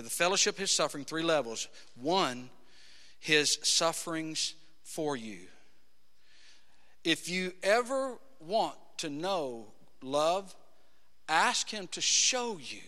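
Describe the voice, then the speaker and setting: A man preaching a sermon. He swings from hushed, low passages to shouted, drawn-out climaxes. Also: sing-song. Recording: long hall reverb.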